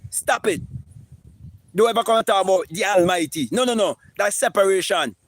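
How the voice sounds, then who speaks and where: A man's voice: sits high, moderate pace. A man, streaming a live spiritual talk in an emphatic, preachy and profane way, often repeating words. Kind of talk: impassioned live-stream monologue.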